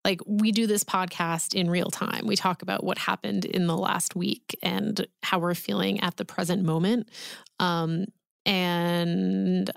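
A woman guest talks in a casual, thoughtful way, with a gravelly, vocal-fry edge to her voice. The sound is dry and close, with no room around it. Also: on the low side, flat delivery, unhurried, no echo. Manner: thoughtful, reflective. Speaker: podcast guest, author. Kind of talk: casual chat.

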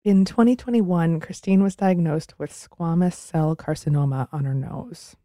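A woman's voice: lowish voice, unhurried, dark tone. A woman hosting a podcast who narrates context and affirms her guest. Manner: supportive, affirming interjections. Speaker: podcast host. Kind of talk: interview narration.

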